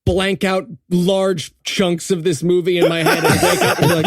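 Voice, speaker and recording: A man's voice: sits high, flat delivery, normal speed, hardly any pauses, dry recording, clean studio sound. A man co-hosting a comedic movie review podcast, riffing sarcastically. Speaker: podcast co-host.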